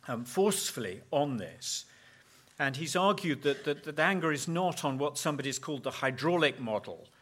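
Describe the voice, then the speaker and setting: A man's voice: mid-range voice, a bit bright. A man speaking at a conference, teaching on Bible passages in a thoughtful way and often repeating words as he searches for his phrasing.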